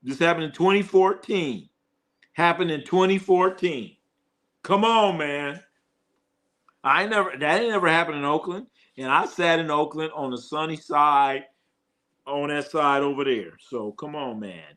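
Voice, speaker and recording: Animated Bay Area man streaming sports talk. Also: on the high side, a little slow. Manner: animated, joking, reads chat comments aloud. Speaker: sports show host.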